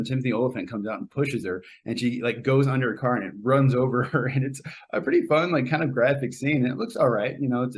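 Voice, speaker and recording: A middle-aged man hosting a podcast, giving a casual, rambling film review full of fillers and restarts. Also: medium pitch.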